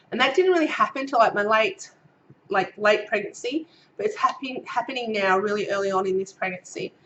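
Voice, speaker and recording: A woman's voice: mid-range voice, pushed and bright, lo-fi sound, slight background noise. A woman in her thirties with an Australian accent, giving a casual pregnancy update to camera, a little out of breath and getting over a cold, chatty with many ums as she reads her notes. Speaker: vlogger.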